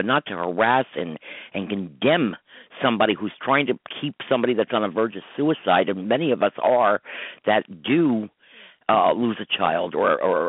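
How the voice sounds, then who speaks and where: A man's voice: on the low side, dry recording. A middle-aged man hosting a call-in radio show as a psychic medium, talking in an emphatic, rambling, upset way. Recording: dry tinny phone-line audio.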